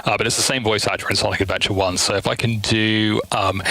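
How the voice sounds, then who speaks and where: A man chatting casually on a stream from his room, animated and talkative, speaking into a headset. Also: on the low side, fast, hardly any pauses, no echo. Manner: animated and chatty, speeding up in asides. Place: home room at night.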